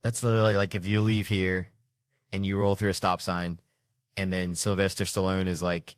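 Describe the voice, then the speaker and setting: Deep-voiced male stand-up comic. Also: moderate pace, no room sound, clean studio sound. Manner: animated storytelling with acted-out voices. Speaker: stand-up comedian. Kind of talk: stand-up comedy. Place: comedy stage. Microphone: handheld stage microphone.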